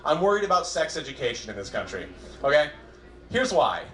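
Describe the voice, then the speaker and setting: A young man doing a stand-up comedy set on a club stage, self-deprecating and halting, with frequent restarts. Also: on the high side, very animated, a bit bright, a little hiss or hum. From Southern California. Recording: echoey club room, faint crowd ambience.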